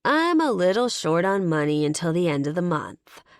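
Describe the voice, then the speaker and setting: Snide scornful woman read by a female narrator, low and gravelly, dry audiobook sound. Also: big pitch swings, normal speed, no echo. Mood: wheedling. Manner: mocking, snide. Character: sneering scornful woman, a mother. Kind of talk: audiobook character voice.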